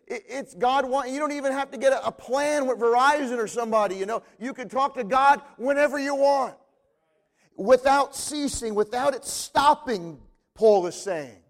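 A man preaching a sermon as pastor, conversational, with joking asides and emphatic repetition. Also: sits high.

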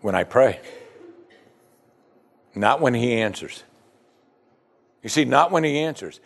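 A slow, gravelly mid-range voice belongs to a man preaching as pastor and teaching from scripture. With animated delivery, he performs the prayers of his listeners in quoted voices.

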